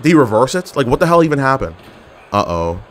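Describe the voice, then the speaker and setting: A man's voice: mid-range voice, sing-song, quick pace, a little hiss or hum. A young man giving live gameplay commentary, trash-talking his opponents and getting exasperated with the match. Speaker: gaming commentator.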